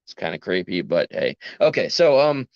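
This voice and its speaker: A New York-accented man streams late at night, tired from a long day at work, and rambles sincerely to his live chat, often cutting himself off. His low voice has a sing-song lilt at a moderate pace, heard through dry, dull, lo-fi audio with no echo.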